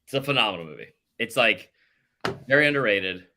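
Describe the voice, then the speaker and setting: A male podcast host in loose sports chat with a bright, forceful tone. He rants with big swings in pitch and swears freely. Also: brisk. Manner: animated, ranting, swears freely.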